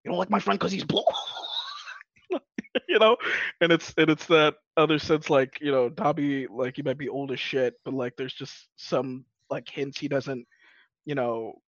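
Excitable guy rambling about his game character, lots of laughs and swearing, dull lo-fi sound. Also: mid-range voice, a little slow, no echo. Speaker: tabletop game player. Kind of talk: casual podcast chat. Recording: dull lo-fi audio.

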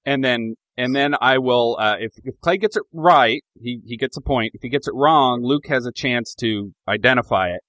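A man's voice: mid-range voice, normal speed, hardly any pauses, a bit bright, no echo. A man co-hosting a casual podcast, often chuckling as he runs a quiz. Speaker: podcast co-host.

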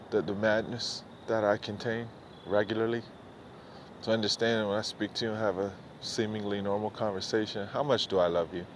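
In a casual solo podcast, a middle-aged host with a lowish voice rambles on, loose and profane, drifting from thought to thought and poking fun at himself. A faint hiss runs underneath.

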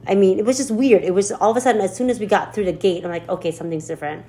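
A woman co-hosts a podcast in casual chat. She tells an upbeat story that rambles and keeps restarting. Her pitch sits in the middle range for a woman. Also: very fast, mellow. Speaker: podcast co-host.

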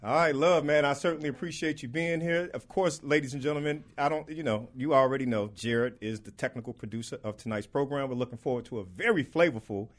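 A man's voice: mid-range voice, fast talker, few pauses. A man hosting a casual radio talk show, joking and laughing with his co-hosts. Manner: animated, laughing banter.

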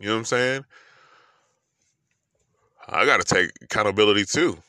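A man's voice: fairly low pitch, moderate pace, sharp tone, no room sound, clean studio sound. A man with a New York accent ranting about love in a profane, emphatic monologue full of rhetorical questions.

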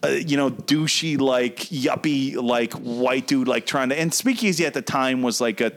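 A man in his thirties, a podcast host, telling a long profane story in an animated, casual way. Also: medium pitch, normal speed.

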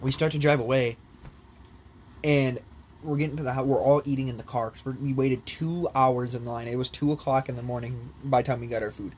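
A young man spinning a rambling story in casual talk, swearing freely and breaking into laughs. His voice sits at an ordinary pitch for a man. A faint hiss of noise runs under the recording. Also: fairly quick. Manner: animated storyteller, swears a lot, laughs often. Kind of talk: casual chat.

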